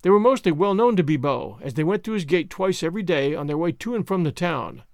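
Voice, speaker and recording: A male audiobook narrator reads a classic novel in a fairly high voice with lively, expressive intonation. The sound is dry and close, with no room echo. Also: fast, vocal fry. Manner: expressive reading.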